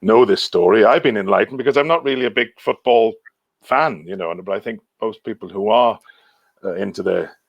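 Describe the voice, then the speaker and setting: Gravelly-voiced man chatting loosely. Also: lowish voice, brisk, no room sound, dull audio. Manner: rambling, trailing off, chuckling. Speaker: guest singer. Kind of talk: casual chat.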